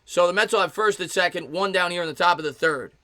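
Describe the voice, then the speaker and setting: A man in his thirties calling a baseball game live as a fan, mixing pitch-by-pitch calls with replies to his chat viewers. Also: quick pace, bright, forceful tone, no room sound. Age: 30s. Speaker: fan play-by-play streamer.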